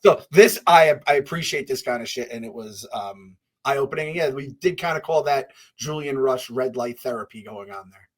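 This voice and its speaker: A man's voice: medium pitch, moderate pace, few pauses. A man co-hosting a podcast in casual chat, rambling and correcting himself as he talks. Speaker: podcast co-host.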